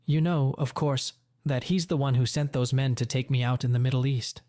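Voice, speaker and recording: A man plays an angry middle-aged father, blunt and determined, firing back forceful retorts. His natural, medium-pitched voice holds a steady tone at normal speed in a dry, close recording.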